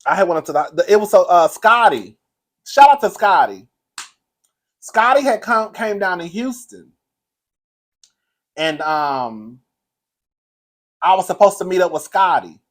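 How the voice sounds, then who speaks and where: A man's voice: high voice, very animated, measured pace, pauses often. A man hosting a casual live stream, chatty and campy, laughing often, grieving a loss. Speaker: commentary channel host.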